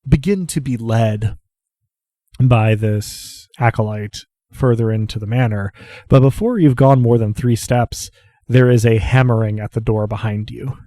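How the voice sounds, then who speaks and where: A man narrating a tabletop game as game master, in a measured, descriptive way. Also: medium pitch, mellow, dry recording.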